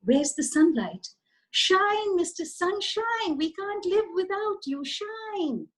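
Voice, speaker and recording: A woman voicing fragile, desperate plants that wail and plead in a very high voice. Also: big pitch swings, takes it slowly, heavily acted. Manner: wailing, very high.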